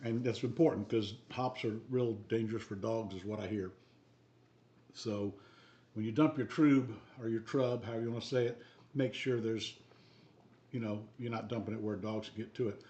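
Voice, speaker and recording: A man in casual chat on a homebrew livestream, explaining things in a relaxed, rambling way with many fillers. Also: on the low side, normal speed. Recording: dull, echoey room audio.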